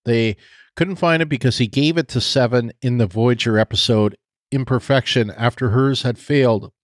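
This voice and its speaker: A man's voice: medium pitch, no room sound, studio quality. A man co-hosting a podcast, chatting casually, laughing often and trailing off with fillers. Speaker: podcast co-host.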